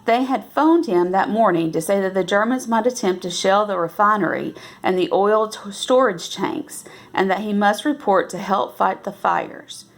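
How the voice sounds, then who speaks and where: A woman reading a novel aloud at an unhurried pace, now and then correcting herself and lifting her voice for the characters' lines. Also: mid-range voice, lively intonation. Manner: unhurried, with self-corrections and restarts. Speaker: reader.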